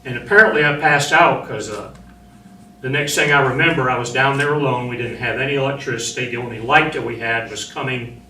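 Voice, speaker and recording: An older man and former Marine telling his survival story to an audience in a plain way, his voice rising when he recalls shouting. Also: medium pitch. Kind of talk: personal war testimony to an audience. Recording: roomy, distant mic, faint noise.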